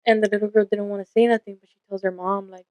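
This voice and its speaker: A woman's voice: mid-range voice, level tone, fast talker, dry recording, narrow, tinny audio. A young woman co-hosting a casual podcast, telling stories candidly and swearing freely, acting out the lines of the people in them. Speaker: podcast co-host.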